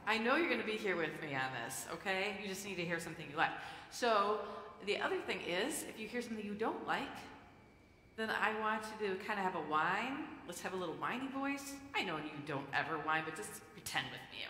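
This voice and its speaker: A woman's voice: mid-range voice, expressive, fairly quick, sharp tone, a little hiss or hum. A woman pastor leading prayer and then giving a playful, coaxing children's message during a church service. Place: church sanctuary. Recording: echoey church hall with long reverb.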